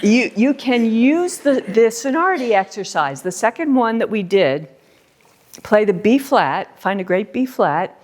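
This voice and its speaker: A woman's voice: fairly high pitch, lively intonation, unhurried, a little mellow. A middle-aged woman teaching a flute masterclass, coaching a student and singing short syllables to show how a phrase should move.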